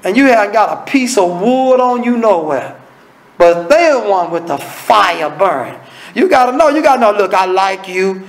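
A man preaching with a high, gravelly voice that has a rough, creaky edge. He talks in a folksy, conversational way, blunt and scolding with a streak of humor, often slipping into short acted-out exchanges between people. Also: big pitch swings, moderate pace, poor audio. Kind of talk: evening sermon.

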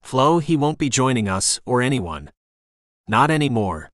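A man's voice: medium pitch, very animated, unhurried, dry recording, clean studio sound. A male audiobook narrator voicing a tough young male shifter detective who speaks bluntly and confrontationally.

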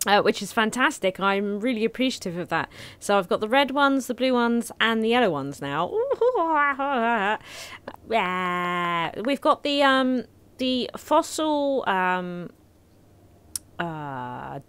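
A woman giving chatty, excitable commentary on her game, thanking viewers as she opens gifts. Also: medium pitch, measured pace, smooth. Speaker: gaming YouTuber. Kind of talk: casual gameplay commentary. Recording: faint background game music.

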